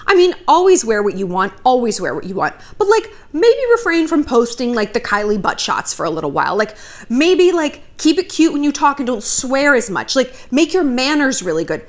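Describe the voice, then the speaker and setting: A woman in her thirties talks straight to her viewers with frank, chatty dating advice. Her voice sits a little high and swoops all over with lively, animated inflection. She swears freely and drifts into storytelling asides. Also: fairly quick. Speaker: commentary vlogger giving dating advice. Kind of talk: casual direct-to-camera advice talk. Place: home near a river, outside noise.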